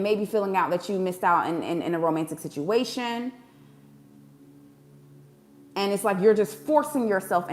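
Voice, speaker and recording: A woman giving a casual spiritual reading to viewers, chatty and emotional, calling them "y'all" and "baby" and breaking into preaching bursts. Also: medium pitch. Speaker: tarot card reader.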